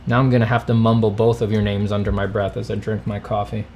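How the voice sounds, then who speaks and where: A man's voice: fairly low pitch, monotone, fast, darkish tone, slight background noise. A man hosting a casual livestream, answering viewer questions and thanking donors with dry, self-mocking humor. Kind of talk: casual livestream chat, reading donations.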